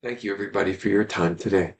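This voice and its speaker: A man teaching in a webinar, telling a story with animated, earnest delivery and ending on a gentle message. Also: low-pitched, racing, vocal fry. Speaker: Ayurvedic teacher.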